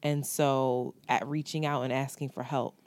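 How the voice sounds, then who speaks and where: A woman's voice: a bass voice, flat delivery, moderate pace, a little mellow, dry recording. A woman co-hosting a podcast, talking in a frank, joking and profane way in casual chat. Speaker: podcast co-host.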